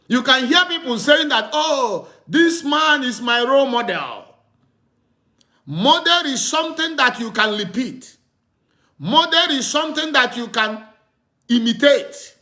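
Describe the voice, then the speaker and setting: A man preaching a sermon, teaching with slow, emphatic repetition and asking the listeners questions he answers himself. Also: very high voice, pushed and bright. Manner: repetitive call-and-response teaching, asks "what?" and answers; slow, emphatic delivery with drawn-out words.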